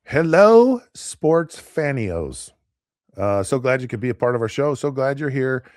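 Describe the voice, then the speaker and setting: A middle-aged man with a medium-pitched voice hosts a casual sports talk show, speaking fast with faint music behind him. He rambles sarcastically, full of fillers and restarts.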